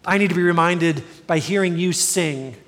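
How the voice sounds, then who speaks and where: A man's voice: a little high, normal speed, a bit bright, in a large hall. A man in his forties preaching a sermon as a pastor, earnest and conversational with self-deprecating humor.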